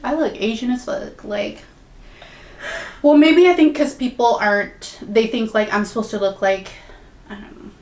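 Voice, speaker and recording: A woman's voice: fairly high pitch, normal speed, a little mellow. A woman co-hosting a casual chat podcast, chatty and acting out what people said. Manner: chatty, acts out quotes. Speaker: podcast co-host. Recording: echoey room, faint background noise.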